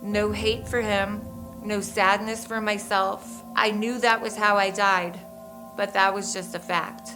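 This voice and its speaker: A woman tells her own story as a survivor, speaking in a measured, halting way with pauses and restarts. Her voice sits at an everyday middle pitch. Soft music plays faintly underneath. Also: flat delivery, poor audio. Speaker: survivor recounting her ordeal. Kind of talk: first-person testimony.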